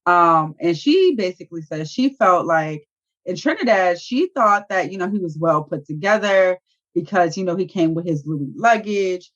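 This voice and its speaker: A woman, co-hosting a casual reality-show review and retelling scenes with sassy, animated asides. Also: fairly low pitch, normal speed. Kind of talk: casual chat. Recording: dull lo-fi audio.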